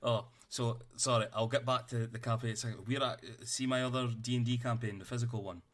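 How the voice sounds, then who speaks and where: A man's voice: medium pitch, steady tone, quick pace. A man running a tabletop game, chatting out of character in a rambling way and swearing freely. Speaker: game master. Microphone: streaming setup.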